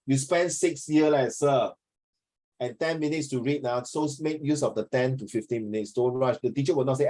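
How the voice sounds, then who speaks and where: A man coaching a student one-on-one for an oral exam, blunt and animated, mixing in Mandarin words. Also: medium pitch, moderate pace. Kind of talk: one-on-one tutoring.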